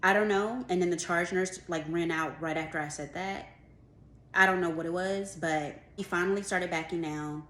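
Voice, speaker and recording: A woman in her twenties telling a work story in a casual storytime vlog, animated and full of "like", acting out what others said. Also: lowish voice, normal speed. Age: 20s. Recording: roomy room with faint background noise.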